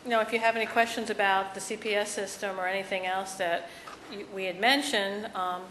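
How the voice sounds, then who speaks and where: A woman giving a conference presentation, talking haltingly with many restarts and fillers. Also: mid-range voice, fairly even intonation, a bit bright, slight background noise. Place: conference session room. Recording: echoey conference room.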